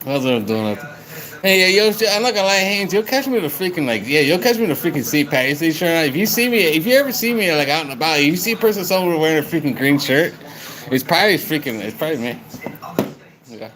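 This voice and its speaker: A man's voice: fairly high pitch, animated, quick pace, a bit bright, poor audio. A young man livestreaming, chatting loosely with viewers, calling them by name, rambling and swearing a lot. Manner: rowdy, repetitive, swears a lot.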